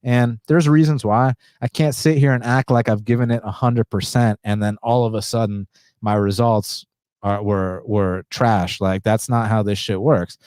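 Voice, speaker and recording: Breathless man talking low and warm. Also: steady tone, moderate pace, no room sound, studio quality. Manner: subdued indoor voice, blunt and profane. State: short of breath, pausing for deep breaths. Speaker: podcast host. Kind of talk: casual podcast monologue.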